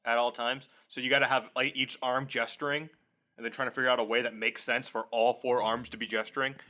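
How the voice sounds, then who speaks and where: A man's voice: mid-range voice, flat delivery, brisk, pushed and bright. A man co-hosting a podcast, chatting casually, laughing often and swearing freely while retelling a story. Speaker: podcast co-host. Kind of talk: casual chat.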